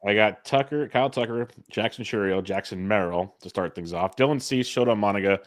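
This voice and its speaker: A man's voice: on the low side, fairly quick, no room sound, clean studio sound. A man talking fantasy picks in an easygoing, jokey podcast chat. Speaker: guest analyst.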